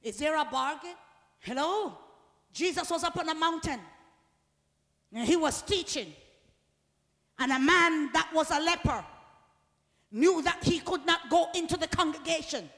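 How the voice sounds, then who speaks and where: A high-pitched woman preaches with a forceful, bright edge, pressing her congregation with call-and-response questions. She swells again and again into shouted peaks. Her voice rings through the long reverb of a big church hall. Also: lively intonation, measured pace, pauses often. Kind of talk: sermon.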